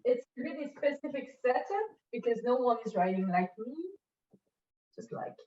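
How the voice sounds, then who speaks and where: A woman from France with a French accent, a guest in a casual interview, speaking English haltingly and searching for words over a video call. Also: fairly high pitch, expressive, mellow. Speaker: podcast guest. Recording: distant, dull call audio.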